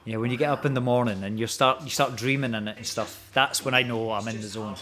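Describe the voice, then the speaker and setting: A Scottish man in his forties chats as a studio guest in a voice of ordinary middle pitch. He rambles and often restarts his sentences. His talk is relaxed and full of small hesitations. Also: fast. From Scotland. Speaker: guest actor. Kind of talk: casual chat.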